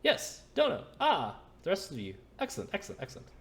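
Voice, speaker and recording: A man's voice: high-pitched, huge pitch swings, fast, fairly bright tone, a little hiss or hum, voice pushed up, full character voice. A man voicing a cheerful, welcoming man who repeats his words in hearty bursts. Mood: jovial. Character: cheerful welcoming man, eager to greet guests.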